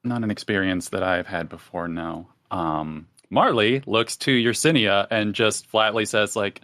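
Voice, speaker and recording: A man's voice: lowish voice, a little slow, few pauses, fairly bright tone, no echo. A man playing in a tabletop game, with wry, dry humor. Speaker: player.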